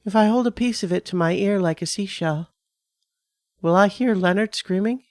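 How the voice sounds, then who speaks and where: A woman giving a measured, dramatic first-person reading of a scripted horror story on a close studio mic. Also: mid-range voice, darkish tone, no echo. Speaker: narrator.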